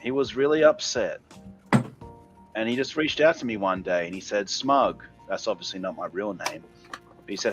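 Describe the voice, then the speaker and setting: A man's voice: on the low side, moderate pace, highs cut off, over music. A tipsy man with an Australian accent, a guest telling a long story in a crude, heavily profane, rambling way. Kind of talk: casual storytelling.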